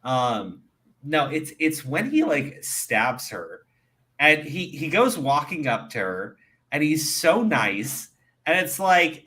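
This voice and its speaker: A young man chatting casually on his stream, telling stories with lots of swearing and growing excitement. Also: fairly high pitch, slow pace. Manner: profane, excitable, animated storytelling. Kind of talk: casual chat.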